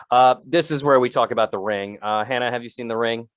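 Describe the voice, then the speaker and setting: A man co-hosting an improvised comedy podcast, rambling and joking with big swings in pitch. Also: brisk, few pauses, no echo. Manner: rambling, jokey, shifts pitch a lot. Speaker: podcast co-host.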